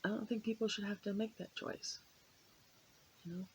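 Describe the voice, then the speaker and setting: An American woman vlogger talks casually to the camera in a mid-range, steady voice at a moderate pace. Her delivery rambles and hesitates, full of fillers and restarts, and the audio is poor with slight background noise.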